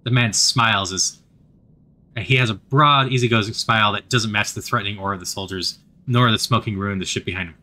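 A man narrating a story game aloud, with animated, expressive narration. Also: lowish voice, fairly quick.

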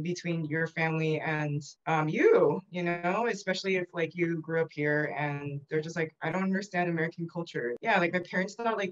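A woman therapist talking fast in a casual podcast chat, filling her speech with "like". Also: on the low side. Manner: rapid, filler-heavy with many "like"s. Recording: muffled lo-fi audio.

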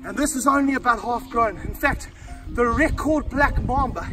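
Excitable high-voiced man handling snakes outdoors. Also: normal speed, recorded from a distance, faint music behind. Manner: excitable, talks straight to viewers, breaks into whoops. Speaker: wildlife handler and host. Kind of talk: energetic outdoor wildlife demonstration.

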